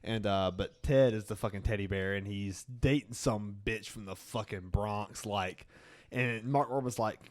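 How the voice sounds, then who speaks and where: A man's voice: lowish voice, measured pace. A man hosting a podcast, chatting casually in a crude, profane, rambling way. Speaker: podcast host.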